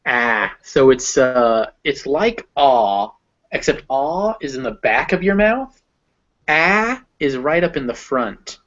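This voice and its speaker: A man's voice: medium pitch, big pitch swings, slow pace, a bit bright. A man tutoring a student one-on-one in pronunciation, patiently explaining sounds and modeling words aloud. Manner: patient, explaining with spoken examples. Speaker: phonetics tutor. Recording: dull lo-fi recording.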